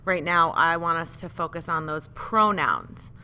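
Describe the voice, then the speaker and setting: Bright-voiced woman teaching grammar. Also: low-pitched, expressive, unhurried, clean tone. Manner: patient, explains step by step, asks the class questions. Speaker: English teacher. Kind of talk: grammar lesson.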